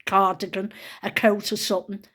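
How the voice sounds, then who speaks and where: A woman's voice: mid-range voice, flat delivery, moderate pace, fairly bright tone. Older woman vlogging, rambling chatty storyteller, swears freely. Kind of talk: casual storytelling monologue.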